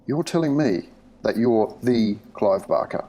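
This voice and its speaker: A man's voice: fairly low pitch, expressive, a little slow, dark tone. A man voicing a dazed, confused male captive who groans and asks panicked questions.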